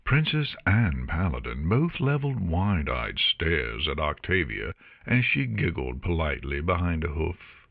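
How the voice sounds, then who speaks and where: A man reading an audiobook, narrating in an expressive storytelling manner. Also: a bass voice, unhurried, gravelly, no room sound, studio quality. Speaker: audiobook reader.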